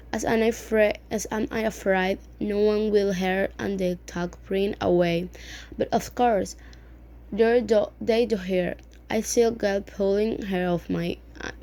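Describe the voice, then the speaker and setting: A woman reading a novel aloud in a halting way, often stumbling over words and starting them again. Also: medium pitch, gravelly, warm tone. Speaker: reader.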